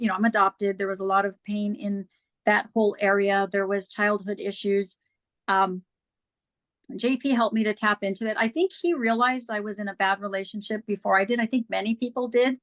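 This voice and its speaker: Woman guest on an interview, talking open and earnest about her life, middle pitch. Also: fairly bright tone. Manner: earnest, candid, acts out past conversations. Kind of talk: casual personal storytelling.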